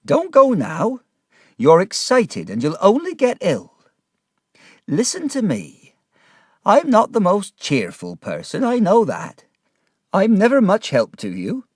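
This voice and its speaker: A man voicing a lonely, complaining older widow who pleads in a high voice in a storybook reading. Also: no echo, studio quality, heavily acted. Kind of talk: audiobook character voice.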